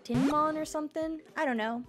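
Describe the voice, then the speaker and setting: A woman giving excitable let's-play commentary, squealing over cute creatures and cracking silly jokes. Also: sits high, a little fast, faint music behind. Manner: silly joking asides. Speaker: gaming streamer.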